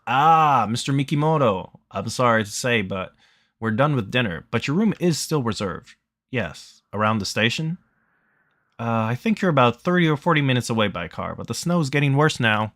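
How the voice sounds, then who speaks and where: Man reads a courteous middle-aged lodge keeper, loud, visual novel. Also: medium pitch, very animated, moderate pace, no echo, clean studio sound. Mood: polite. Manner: polite, loud phone voice. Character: polite middle-aged male lodge owner. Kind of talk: reading a visual novel aloud.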